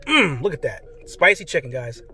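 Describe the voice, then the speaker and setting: A man eating and reviewing fast food in a parked car, talking excitedly and calling his viewers "guys" and "man". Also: a little high, soft background music. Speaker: food vlogger. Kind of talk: casual food review vlog. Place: parked car, traffic passing outside. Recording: faint road noise from inside a car. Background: cars passing by.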